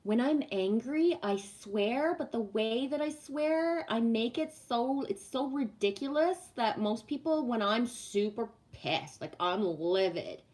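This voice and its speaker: In a laid-back livestream, a woman with a medium-pitched, darkish voice talks to her viewers. Her blunt rant is full of swearing, and then she turns to an oracle card reading.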